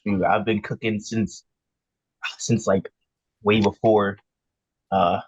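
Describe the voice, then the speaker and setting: A man's voice: on the low side, flat delivery, takes it slowly, breathy edge. A young man guest on a casual podcast, telling his story in a laid-back, joking way. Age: young adult. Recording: dry, dull lo-fi mic.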